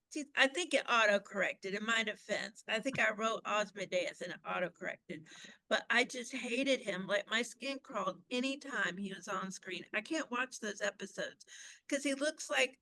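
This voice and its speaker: A woman from the American South giving blunt, animated opinions in a casual fan chat, dropping into whispered asides. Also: on the high side, normal speed, crowd noise, low-quality recording. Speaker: panelist.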